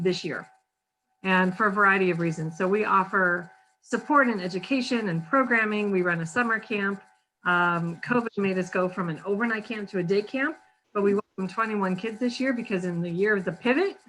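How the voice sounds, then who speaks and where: Earnest woman guest speaker, bright voice, upbeat, faint hum behind. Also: medium pitch, rough recording. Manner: upbeat, earnest, filler ums. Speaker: charity founder and guest speaker. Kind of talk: short charity talk.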